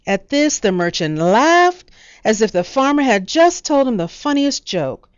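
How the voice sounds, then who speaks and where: A woman narrating a storybook in a measured, expressive reading. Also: medium pitch, smooth, dry recording, muffled recording.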